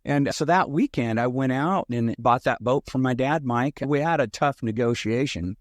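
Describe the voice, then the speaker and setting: A man guesting on a podcast, telling an animated anecdote in a conversational way. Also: mid-range voice, moderate pace, dry recording, clean studio sound. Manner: animated anecdote teller who acts out both sides. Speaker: podcast guest, sales consultant. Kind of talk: conversational storytelling.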